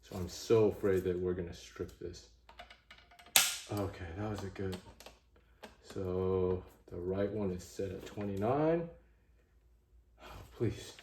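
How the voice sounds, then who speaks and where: A man's voice: deep voice, measured pace, long pauses, background noise. Frustrated swearing man in an echoey room. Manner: frustrated, swears heavily, talks to viewers as "guys" and "gents". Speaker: gear reviewer. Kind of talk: casual gear vlog.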